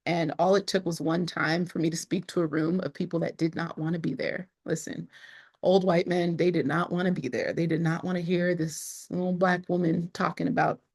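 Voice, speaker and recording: A woman's voice: on the low side, little pitch movement, moderate pace, vocal fry, a little mellow, husky. A woman speaking to camera in a casual vlog about her online business, chatty, with frequent laughs and restarts.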